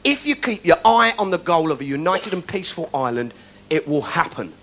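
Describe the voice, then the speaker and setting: A man's voice: a little high, sing-song, brisk, slight background noise, rough recording. A British man doing sardonic stand-up comedy as a mock tour guide. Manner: sardonic, jokey, puts on shouted voices for bits.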